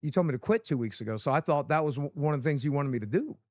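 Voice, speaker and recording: A man's voice: a little high, expressive, very fast, a little mellow, no room sound, clean studio sound. A man who hosts a livestream, arguing his side in a defensive way and offering to make amends. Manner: defensive, then conciliatory. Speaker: livestream host.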